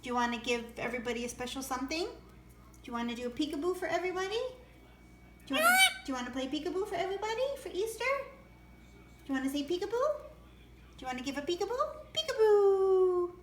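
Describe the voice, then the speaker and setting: A woman's voice: high voice, animated, very fast, pauses often. A woman talking to her pet bird in sing-song baby talk, coaxing and cooing at home. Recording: roomy with faint noise.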